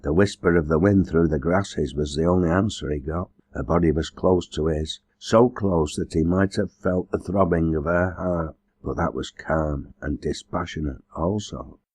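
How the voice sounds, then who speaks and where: A man reading a novel aloud as an audiobook narrator, in a measured, earnest way. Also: low-pitched, a little mellow, slightly rough, dry recording. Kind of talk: scripted narration.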